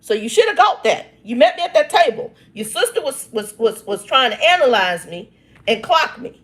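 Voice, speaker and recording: Lively high-voiced woman telling a family story. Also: normal speed. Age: 50s. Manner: emphatic, exclamatory, laughs often, mimics relatives. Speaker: channel host reading live chat. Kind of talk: animated personal storytelling to viewers.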